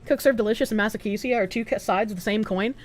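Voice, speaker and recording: A woman's voice: medium pitch, quick pace, faint music behind. A woman streamer chatting casually, answering viewer chat aloud and swearing freely.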